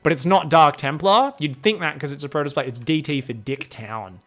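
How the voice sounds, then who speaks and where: A man's voice: a little high, a little fast, fairly bright tone, faint music behind. A man streaming game commentary, rambling, joking and swearing freely.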